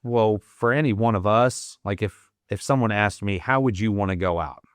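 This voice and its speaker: A man from the United States, a Marine veteran guest on a podcast, telling a personal story candidly, with heavy swearing, fillers and halting restarts, choked up and teary. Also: fairly low pitch, no room sound, studio quality. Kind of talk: emotional storytelling in a podcast interview.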